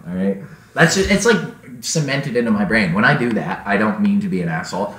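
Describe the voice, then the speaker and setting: A young man co-hosting a podcast, chatting casually with friends and telling animated stories with some swearing. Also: fairly low pitch, brisk. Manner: animated storyteller, swears freely. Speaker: podcast co-host. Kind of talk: casual chat among friends. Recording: echoey room with background noise.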